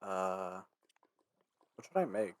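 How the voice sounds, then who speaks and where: A woman speaking through a voice changer in a voice chat, giving deadpan, meme-y short replies. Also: a bass voice, slow pace. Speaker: voice chat guest. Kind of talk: casual gaming chat.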